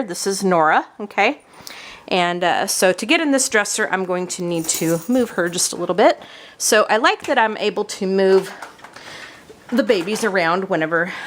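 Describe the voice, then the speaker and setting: A woman's voice: mid-range voice, a bit bright. A woman talking casually on a handheld camera as she tours her home craft room, rambling with many fillers and restarts. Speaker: vlogger giving a room tour. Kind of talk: casual chat.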